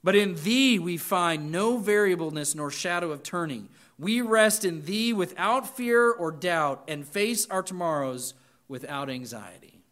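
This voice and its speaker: A man's voice: high voice, animated, unhurried, a bit bright. A man preaching a sermon to students, reading scripture with emphatic lists and chatty asides. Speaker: pastor.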